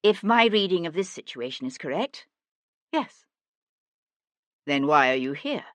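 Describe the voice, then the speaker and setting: A woman reads an earnest young gentlewoman in a storybook mystery, her voice low and set in a dry, close space. She pleads in a measured, composed way. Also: lively intonation, no echo.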